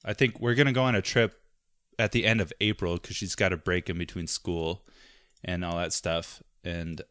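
A man in his thirties talking casually on a podcast, animated and laughing often, trailing off into mumbles at times. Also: low voice, moderate pace, clear, resonant tone, dry recording, studio quality. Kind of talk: casual chat.

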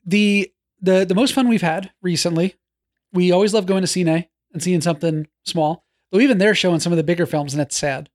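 A man in his forties co-hosting a podcast, chatty and animated, with restarts and playful jabs. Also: high-pitched, a little fast. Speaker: podcast co-host. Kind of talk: casual chat.

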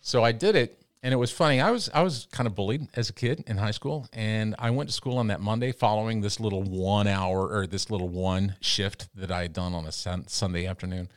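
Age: middle-aged. Sex: male. Delivery: low-pitched, animated storytelling. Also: brisk, few pauses, dry recording, studio quality. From Amarillo, Texas area. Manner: animated anecdotes full of quoted dialogue, frequent restarts. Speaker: interview guest, radio broadcaster. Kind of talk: casual storytelling.

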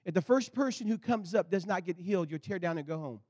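High-voiced man preaching with fiery swings. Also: fast talker. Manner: animated, swinging from loud bursts to low intensity. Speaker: pastor. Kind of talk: sermon with storytelling.

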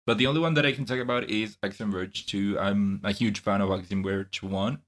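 A man's voice: lowish voice, fairly even intonation, a little fast, fairly bright tone. A man co-hosting a video game podcast, talking casually in a thoughtful, somewhat hesitant way. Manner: thoughtful, hesitant, self-correcting. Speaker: podcast co-host. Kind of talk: casual chat.

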